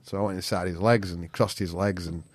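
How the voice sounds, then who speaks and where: A man's voice: low voice, steady tone, quick pace, dry recording. Blunt Yorkshire man, dry sound. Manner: blunt, sweary, northern dialect grammar. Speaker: podcast guest. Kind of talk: casual storytelling.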